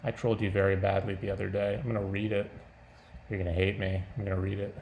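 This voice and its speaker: Rambling man with a gravelly low voice. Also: little pitch movement, fast, a little mellow, a little hiss or hum. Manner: rambling, self-interrupting, laughs often. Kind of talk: casual vlog monologue.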